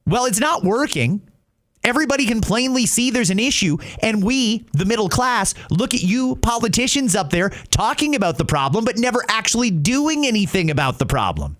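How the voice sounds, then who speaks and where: A man's voice: very high voice, a bit bright. A man hosting an opinion show, ranting indignantly about politics. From Canada. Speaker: podcast host. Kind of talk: opinion commentary.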